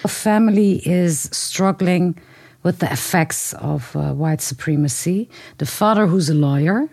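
Slow low-voiced woman interviewer. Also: creaky, a little mellow, breathy edge, dry recording, clean studio sound. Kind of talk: interview conversation.

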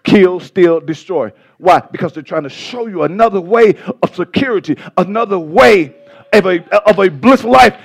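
Man, pastor, sermon, high-pitched, gravelly, impassioned, stumbling restarts. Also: lively intonation, moderate pace. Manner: impassioned preaching, swings from loud to soft.

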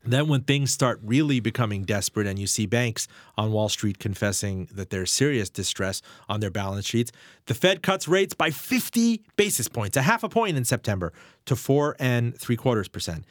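A man's voice: medium pitch, very animated, normal speed, dry recording, clean studio sound. A man hosting a finance interview, asking probing, rhetorical questions and laying out events with dates and figures. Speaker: interview host.

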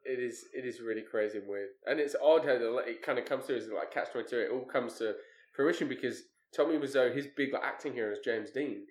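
A man's voice: mid-range voice, fast talker, echoey room. A man chatting casually on a podcast, rambling with many "like"s and restarts. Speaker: podcast co-host. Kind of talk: casual chat.

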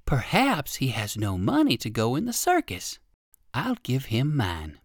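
A kind old gentleman rabbit speaks gently and politely, in a lively storybook manner, as the narrator voices him. The recording is dry and close, with nothing heard behind the voice. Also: medium pitch, unhurried, no echo, heavily acted.

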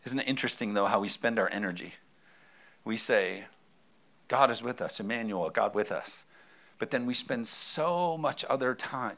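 A man's voice: medium pitch, fairly bright tone. Conversational male pastor preaching. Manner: conversational, emphatic, repeats key phrases. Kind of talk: sermon.

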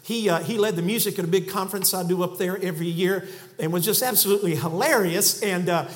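High-voiced fervent man preaching. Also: quick pace. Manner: folksy storytelling, building to fervent emphasis. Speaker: guest preacher. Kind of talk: sermon. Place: church sanctuary pulpit.

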